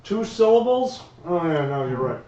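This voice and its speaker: A man co-hosting a stream, bantering in a joking, excitable, profane way. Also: a little high, normal speed. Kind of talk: casual banter. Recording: echoey, dull-sounding room.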